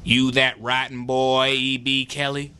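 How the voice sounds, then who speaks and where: A young man voicing a menacing, lanky male school bully with a heavy Southern US drawl, speaking slowly and low at a live open mic. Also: flat delivery, bright, forceful tone, smooth. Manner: slow, low, threatening.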